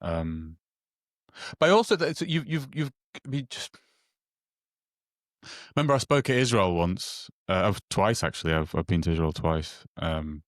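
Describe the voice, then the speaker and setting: A man's voice: deep voice, animated, dry recording, clean studio sound. A man telling a long personal story in casual conversation, stumbling over restarts and repeated words and acting out the dialogue. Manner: halting, many restarts and repeated words, acts out quoted dialogue.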